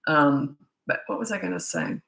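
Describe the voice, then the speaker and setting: A woman's voice: sits low, normal speed, vocal fry, fairly bright tone, reverberant, rough recording. A middle-aged woman parenting coach answering viewer questions in a casual live Q&A. She talks bluntly and loses her thread, and her voice is getting worn and tired. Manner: blunt, casual, loses track mid-thought. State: losing her voice.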